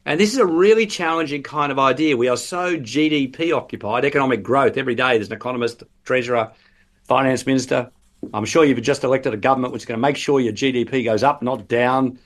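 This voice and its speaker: A man's voice: medium pitch, fast talker. An Australian man, a professor, explaining his research as a guest in a radio interview and acting out imagined patients as he goes.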